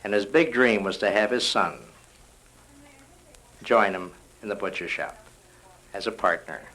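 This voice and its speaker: A man doing live stand-up comedy, rattling off rapid-fire one-liners with punchy delivery. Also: fairly low pitch, pushed and bright, poor audio. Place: live nightclub show. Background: music.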